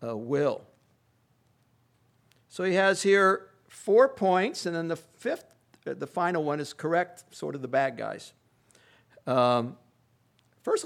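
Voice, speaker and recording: A man with a fairly high voice preaches a teaching sermon from the pulpit. He moves along haltingly, filling pauses with filler sounds, then pushes key words up with emphatic rising stress. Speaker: pastor. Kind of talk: expository sermon.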